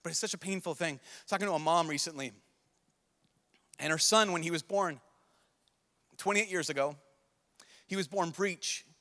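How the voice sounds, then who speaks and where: Speaking at normal speed with long pauses, the young priest's sharp, slightly high voice fills a large conference hall, where long reverb trails his words. His emotional, pleading sermon to the youth conference crowd is earnest and full of repetition.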